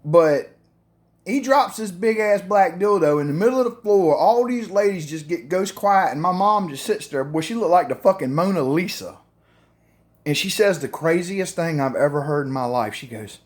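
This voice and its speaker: A middle-aged man, telling a family story casually in a profane, rambling way full of fillers. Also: fairly high pitch.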